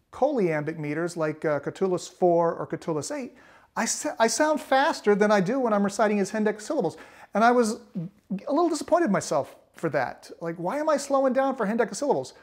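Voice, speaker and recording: A man hosting a video on Latin poetry, explaining casually as he thinks aloud, with frequent restarts and direct, friendly address to viewers. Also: high voice. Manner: thinking aloud, many restarts while working through the arithmetic. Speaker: Latin teacher and video host.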